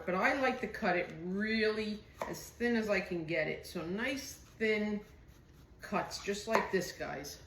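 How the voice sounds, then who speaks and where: A woman's voice: mid-range voice, a bit bright, echoey room, slight background noise. Chatty New Jersey woman cooking at home. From northern New Jersey. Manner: chatty, homey, reminiscing. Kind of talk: casual cooking demonstration.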